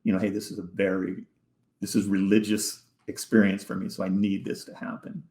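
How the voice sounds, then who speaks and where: A man, a podcast guest, telling an emotional personal story in a halting way, repeating words and sometimes dropping almost to a whisper. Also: low voice, monotone, a little mellow. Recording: echoey room.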